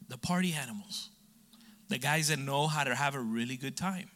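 A man's voice: medium pitch, moderate pace, fairly bright tone. A middle-aged man preaching a sermon in a conversational way, with humor and asides to the congregation.

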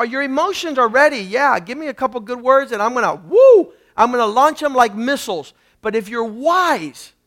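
A male pastor delivers an emphatic sermon in a strikingly high voice. He calls on the congregation to repeat after him and swings between loud emphasis and quiet asides. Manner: emphatic preaching with congregation call-and-response.

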